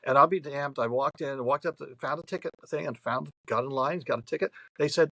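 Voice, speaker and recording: Podcast guest, man in his 70s from New York State, gravelly voice, rambling anecdotal storyteller, dry close recording. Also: mid-range voice, fast talker, hardly any pauses, sharp tone, no echo, rough recording. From New York State, USA. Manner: chatty, rambling, frequent restarts.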